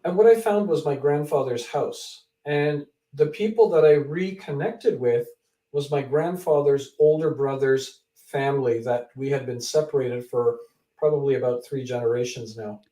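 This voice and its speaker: Animated man telling a story in an echoey room. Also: mid-range voice, normal speed. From Canada. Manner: animated storyteller who acts out quoted people. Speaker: author and guest. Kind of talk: interview storytelling. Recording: echoey room, distant from mic.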